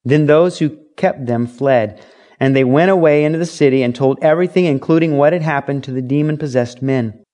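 A man's voice: on the high side, fairly quick, warm tone. A middle-aged man preaching a sermon in a conversational way, acting out quoted lines and reading scripture aloud. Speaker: pastor.

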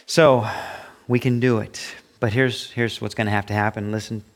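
A man's voice: steady tone, moderate pace. Man preaching a sermon, middle-aged, emphatic, voice jumps up for asides. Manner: emphatic preaching, pitch rising sharply on quoted asides. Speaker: pastor.

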